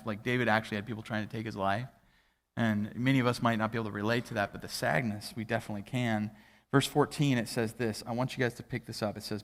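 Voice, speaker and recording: A man's voice: fairly low pitch, steady tone, quick pace. A young adult man, a pastor, preaching a sermon in a church and telling self-deprecating stories in a conversational way. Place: church sanctuary. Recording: hall reverb from a church livestream.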